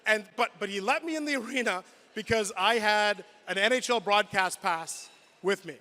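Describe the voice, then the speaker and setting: A male sports broadcaster giving a hall of fame acceptance speech, telling a personal story dramatically, with quick restarts and repeated words, at a podium microphone. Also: high voice, bright, forceful tone. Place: large indoor event hall. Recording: long reverb of a large hall.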